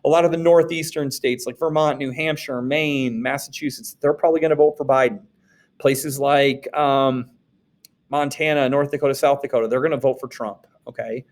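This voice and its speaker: A man's voice: mid-range voice, fairly even intonation, moderate pace. A man from Wisconsin, a teacher, recapping the day's lesson in a casual way, with joking asides and frequent "okay?" check-ins. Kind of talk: recorded class recap lecture.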